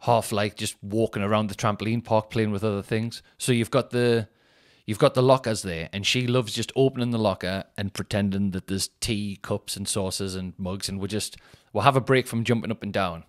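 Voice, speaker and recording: A man's voice: lowish voice, moderate pace. Man telling a comic story. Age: 30s. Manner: animated, self-mocking anecdote with mock outrage. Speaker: podcast host.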